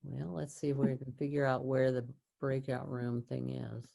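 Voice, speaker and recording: A woman with a low voice leads a group on a video call. She talks plainly and practically as she sorts out the meeting settings. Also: flat delivery, normal speed, gravelly. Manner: practical, sorting out software problems. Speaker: book study group leader. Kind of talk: casual talk on a video call.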